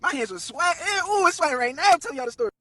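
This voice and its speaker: A man's voice: extremely high pitch, animated, very fast, heavy background noise. A young man telling a long personal story on a live stream, slangy and profane, quoting everyone in turn.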